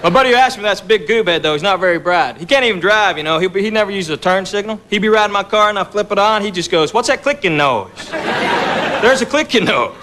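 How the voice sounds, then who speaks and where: A male stand-up comedian telling stories in a dry, deadpan way, repeating words for punchlines, on a stage before a laughing audience. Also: sits high, quick pace, few pauses, noisy background. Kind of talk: stand-up storytelling. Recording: live show with loud audience laughter.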